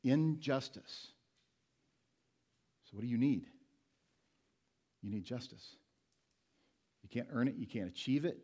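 A male pastor preaching a sermon, asking the congregation questions and answering them himself, slowing down to stress single words. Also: mid-range voice, mellow, slightly rough.

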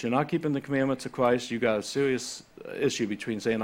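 A man's voice: mid-range voice, brisk. Guy preaching a casual sermon, lots of stammery restarts, chatty teaching style. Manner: conversational, animated, with frequent restarts. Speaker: pastor.

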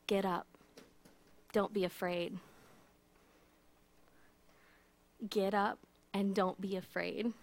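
A woman voicing a gentle, reassuring male teacher who speaks softly and calmly, in a storytelling lesson. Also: fairly high pitch, measured pace, close to an everyday voice. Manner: soft, calm, comforting.

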